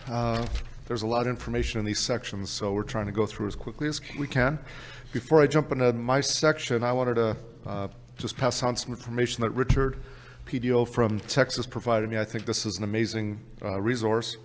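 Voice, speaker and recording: A man with a Canadian accent presenting an exam prep workshop at a conference, brisk and upbeat. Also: mid-range voice, fairly even intonation, in a large hall, a little hiss or hum. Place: conference session room.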